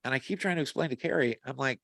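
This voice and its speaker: A man's voice: mid-range voice, racing, gravelly, a bit bright, dry recording. A man talking casually on a video call, rambling through long stories with many restarts and fillers. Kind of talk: casual conversational storytelling. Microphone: video call mic.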